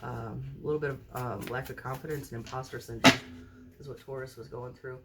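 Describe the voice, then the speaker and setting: A woman doing a casual tarot reading to camera at a table indoors, recorded on a phone mounted high overhead, chatting and often checking in with the viewer. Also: steady tone, brisk, vocal fry, heavy background noise. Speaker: tarot card reader.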